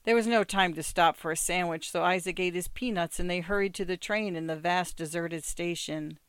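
A reader narrating a short story as an audiobook, measured and steady. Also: medium pitch, clear, resonant tone, dry recording.

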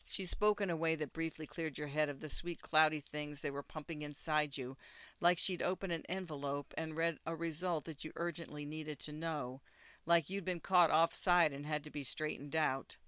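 A man narrating an audiobook in a steady, second-person storytelling way. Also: a little high, normal speed, clean tone, no room sound.

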